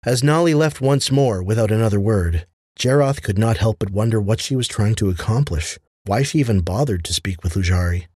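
A man narrating a fantasy story in a measured, even manner. His voice is low and husky, and the recording is dry and close, with no room sound. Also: no room sound. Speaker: audiobook narrator.

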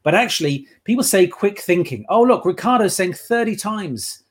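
A man's voice: high-pitched, animated, moderate pace. A man on a casual interview, telling playful anecdotes about his work as an improv performer. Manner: chatty anecdotal storyteller, playful.

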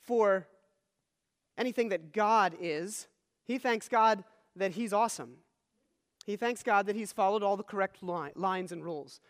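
A man's voice: high voice, fairly bright tone. A man preaching a sermon as pastor, teaching earnestly and checking in with the listeners. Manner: earnest teaching, frequent "all right?" check-ins. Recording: long hall reverb.

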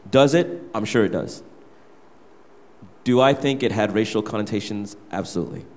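Deep-voiced man telling a story in a hall. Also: lively intonation, normal speed, darkish tone. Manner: candid, earnest storytelling. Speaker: worship leader. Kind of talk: personal story told to a church gathering. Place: church hall. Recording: reverberant hall.

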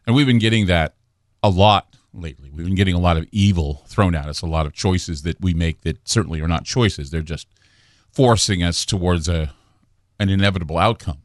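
A man hosting a late-night radio talk show, delivering a brooding, ominous monologue with dramatic pauses and restarts into a studio microphone. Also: low-pitched, no echo. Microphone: studio broadcast microphone.

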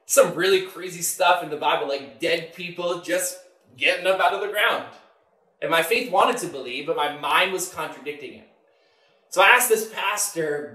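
A man in his thirties preaching a sermon as pastor, emphatic, swinging between loud mock-confident declarations and soft, low confessions. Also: reverberant.

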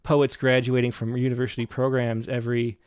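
A man's voice: mid-range voice, completely flat delivery, fairly quick, darkish tone, clean tone, no echo, studio quality. A man hosting an interview, speaking thoughtfully and searching for words. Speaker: podcast host. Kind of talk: conversational interview.

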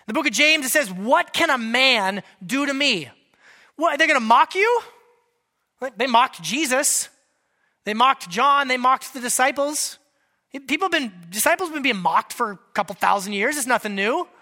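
A male pastor preaches with a bright, forceful, very high voice at a moderate pace. Animated and conversational, he asks his listeners direct questions and slips in joking asides.

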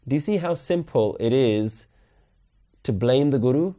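A man giving a Sikh religious lecture at a weekly class, earnestly questioning his listeners and slowly chanting scripture lines. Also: mid-range voice, animated, mellow. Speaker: Sikh teacher.

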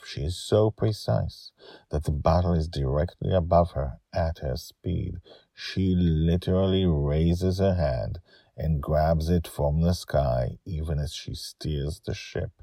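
A man narrating a story podcast in calm, measured short phrases, then chatting to listeners as host. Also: extremely low pitch, creaky, breathy edge, no echo, studio quality.

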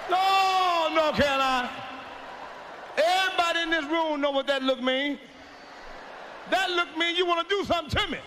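Stand-up comic, male, high and brash, profane and loud, noisy live recording. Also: moderate pace, pauses often, some chatter behind. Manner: brash, profane, shouting punchlines. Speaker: stand-up comedian. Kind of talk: stand-up comedy routine.

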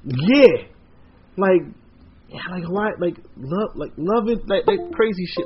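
A man chatting as a podcast guest, rambling excitably and packing his talk with "like". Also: high-pitched, slow pace, muffled recording, a little hiss or hum. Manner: excitable, rambling, heavy use of "like". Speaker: podcast guest, comic artist. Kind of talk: casual chat.

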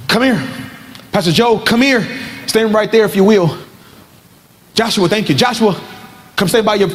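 A man preaching a sermon to a men's gathering, telling a story and then building to fervent exhortation. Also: sits high.

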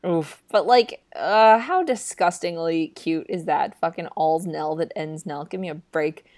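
A woman's voice: sits low, measured pace, a little mellow. A young woman co-hosting a casual podcast with dry, wry humor. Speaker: podcast co-host.

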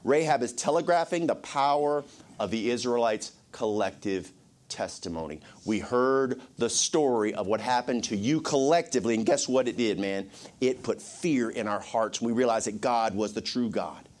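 A man's voice: medium pitch, moderate pace, a little mellow. A male pastor preaching a sermon, dropping to whispers and rising to urgent, raised lines, a bit sniffly and emotional.

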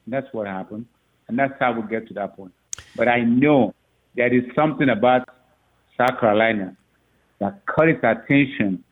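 A man, the father of a recruit, telling a story in a rambling, halting way with frequent laughs. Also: mid-range voice. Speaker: father of a recruit, interview guest. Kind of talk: phone interview, storytelling. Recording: tinny phone line.

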